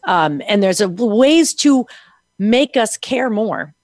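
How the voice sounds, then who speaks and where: A woman co-host gives a guest blunt, lively notes on their interview. She acts out the lines she wants to hear. The recording is dry and close, with little room sound. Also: mid-range voice, slow, no echo. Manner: direct, animated, acts out quotes. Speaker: co-host giving media coaching feedback. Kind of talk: conversational critique.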